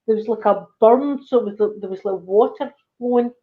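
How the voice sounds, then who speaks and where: A woman's voice: on the high side, normal speed. A middle-aged Scottish woman hosting a casual chat, telling a personal story and acting out the voices of the people in it. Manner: animated storyteller, acts out quoted voices. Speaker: channel host. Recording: slightly dull lo-fi recording.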